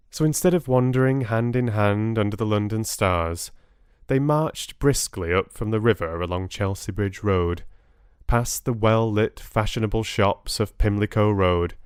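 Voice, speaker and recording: A man calmly reading a bedtime story for grown-ups as an audiobook narrator. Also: on the low side, smooth, no room sound, studio quality. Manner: calm, unhurried.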